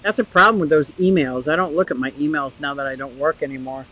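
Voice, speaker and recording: A woman's voice: low voice, fast, a bit bright, slightly rough, poor audio. An older woman hosting a casual live chat outdoors by a pond, talking freely, laughing often and answering viewers' comments. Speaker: livestream host.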